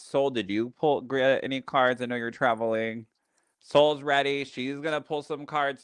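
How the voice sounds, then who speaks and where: A man's voice: medium pitch, a bit bright, no room sound, clean studio sound. A man who teaches as a psychic medium, talking casually on a podcast in a chatty teaching tone full of fillers.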